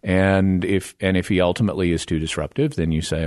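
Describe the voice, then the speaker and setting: Very deep-voiced man giving advice. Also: fairly even intonation, a little mellow, no room sound, clean studio sound. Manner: measured, thinking aloud, fillers. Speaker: radio guest answering questions. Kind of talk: casual radio advice.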